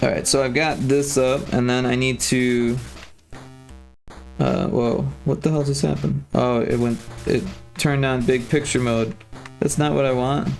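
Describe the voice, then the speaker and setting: A man's voice: mid-range voice, fairly even intonation, a little slow, gravelly, darkish tone. Guy rambling on his stream, lots of ums and uhs, faint music behind. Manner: rambling, thinks aloud with many fillers. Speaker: streamer and game developer. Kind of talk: casual livestream chat.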